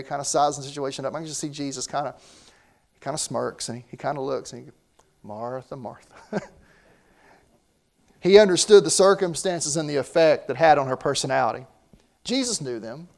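Brief: male pastor, high-pitched voice, talky sermon delivery that keeps repeating words. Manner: conversational preaching with frequent word repeats.

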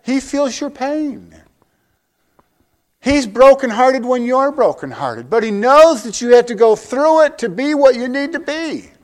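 With a voice that sits high, an older man delivers a sermon to his congregation as their pastor. He keeps it conversational and jokey, frequently asking the people direct questions.

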